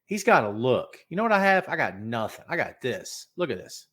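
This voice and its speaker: A man's voice: mid-range voice, big pitch swings, fairly quick, a bit bright. A middle-aged man hosts a casual wrestling podcast, stuffy with a head cold. He rambles and jokes his way through the news. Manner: rambling, joking, talks to a co-host. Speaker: podcast host.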